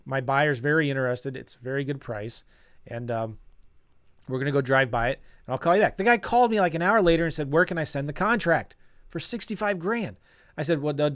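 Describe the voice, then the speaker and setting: A middle-aged man talking casually as a real estate coach, telling a story and acting out old conversations with a self-deprecating, animated manner. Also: medium pitch. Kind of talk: casual storytelling to an online audience.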